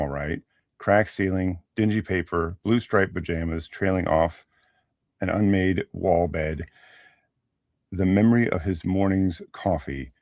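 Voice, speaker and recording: A man reading a short story aloud on a podcast, lively and sometimes correcting himself. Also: sits low, dry recording, clean studio sound. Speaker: podcast co-reader.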